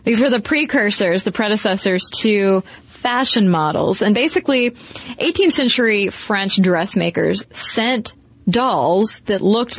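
A woman co-hosting a casual history podcast, explaining with wry, teasing asides. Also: a little high. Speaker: podcast co-host. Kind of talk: casual conversational history chat.

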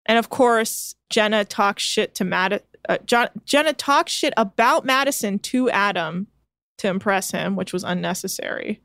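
A woman's voice: mid-range voice, normal speed, creaky, a bit bright, no room sound, studio quality. A woman co-hosting a casual podcast chat, recapping with sardonic asides, swearing freely and quoting people offhand. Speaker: podcast co-host recapping a reality show. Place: home.

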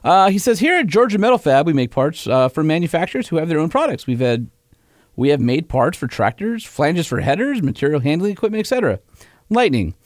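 Animated male podcast co-host, slightly higher voice, dry close sound. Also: a little fast, dry recording. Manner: animated, laughs often, reads messages aloud. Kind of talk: casual chat reading listener mail.

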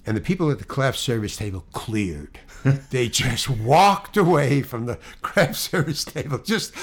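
A man at a medium, ordinary pitch recounts a story, stumbling and restarting as he goes. His telling is animated, jumping between loud outbursts and quiet, confiding asides. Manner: animated, halting, many restarts and repeats. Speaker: actor. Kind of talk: anecdotal storytelling.

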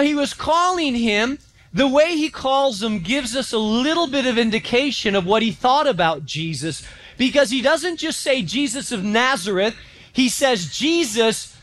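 A pastor preaching a sermon in a church, telling stories with animation and acting out quotes. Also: male voice, very high-pitched. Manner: animated storytelling, acts out quotes.

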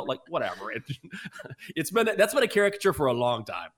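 A man's voice: mid-range voice, brisk. A man co-hosting a sports betting podcast, chatting casually and telling stories with mocking voices. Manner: animated storyteller, mocking voices.

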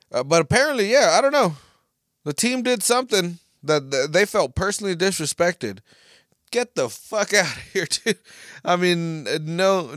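A man's voice: high-pitched, no room sound, studio quality. A young man hosting his own podcast alone, swearing a lot, rambling with restarts and working himself up into heated rants. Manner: profane, rambling, with many restarts; gets loud and heated. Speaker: podcast host. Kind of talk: casual solo podcast rant. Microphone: podcast microphone.

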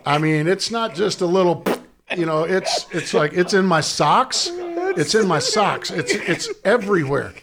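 A man's voice: high voice, a little slow, crowd noise. A middle-aged man, a former ballplayer, telling a story in casual chat and laughing through it. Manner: laughs through his own story, animated. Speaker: former pro baseball first baseman, guest.

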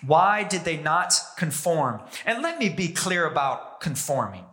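A man preaching a sermon as pastor, emphatic, pushing his pitch and pace up and down for emphasis. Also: very animated, unhurried, fairly bright tone.

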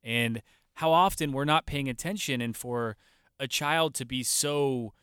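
A man hosting a podcast, telling a story in a loose, animated way and now and then acting out the people in it. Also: medium pitch, a little slow, smooth, no room sound, studio quality. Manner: warm, animated, loose and profane, mimics voices in anecdotes. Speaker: podcast host. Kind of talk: casual storytelling monologue.

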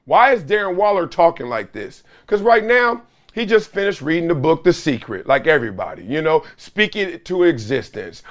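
Animated, hoarse middle-aged sports host. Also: male voice, on the high side, moderate pace. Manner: animated, sarcastic, with loud whoops. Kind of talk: solo sports commentary.

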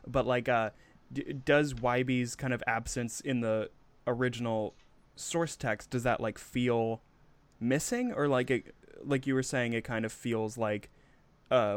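Man, podcast co-host, casual rambly banter, mid-pitched, dry close sound. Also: no echo. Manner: rambling, self-interrupting, joking. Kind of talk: casual chat.

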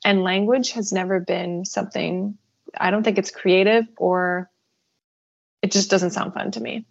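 A woman's voice: mid-range voice, steady tone, unhurried, creaky, noisy background. Woman guest, casual chat, candid, self-deprecating, dull lo-fi sound. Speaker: podcast guest, photographer. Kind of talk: casual conversation.

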